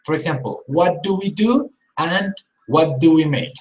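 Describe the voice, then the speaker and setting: A teacher running an English class live slowly pronounces word pairs and repeats them for contrast while responding to chat viewers. The recording is rough and reverberant, with a mid-range voice.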